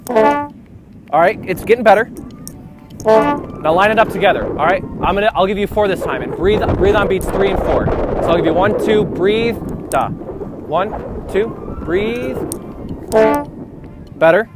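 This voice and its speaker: A man's voice: high-pitched, expressive, moderate pace, pauses often. A young man teaching a band rehearsal, counting off beats, singing rhythms and coaching breathing and articulation. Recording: music playing in the background.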